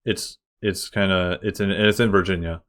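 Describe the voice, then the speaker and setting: A man co-hosting a sports podcast in casual chat, excitable and full of fillers. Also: low voice, normal speed. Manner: excitable, uses lots of fillers. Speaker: podcast co-host.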